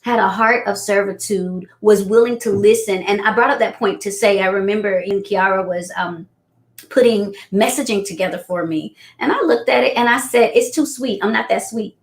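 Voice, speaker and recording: Animated woman speaking in an echoey room. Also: moderate pace. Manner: animated storyteller, acts out quotes in high voices. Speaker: guest business coach. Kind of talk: casual chat.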